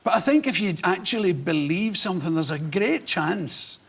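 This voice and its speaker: Scottish comedian in his 60s, bright husky tone, spins animated stories and does the voices. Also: high-pitched, normal speed. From Scotland. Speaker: comedian guest. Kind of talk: anecdotal interview storytelling.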